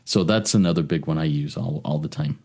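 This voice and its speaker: Deep-voiced earnest man. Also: fairly quick, gravelly, a little mellow. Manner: earnest, repeats words as he thinks. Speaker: podcast co-host, sponsor. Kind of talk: casual recovery podcast chat.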